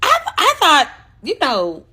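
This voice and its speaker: A woman's voice: high voice, huge pitch swings, slow pace, bright, forceful tone. A woman gushes in slang in a casual social media video. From United States. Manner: effusive and gushing, full of slang.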